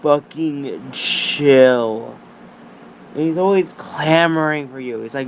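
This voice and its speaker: A man's voice: on the high side, takes it slowly, a little hiss or hum. A young man ranting in a voice message, profane, exasperated and rambling.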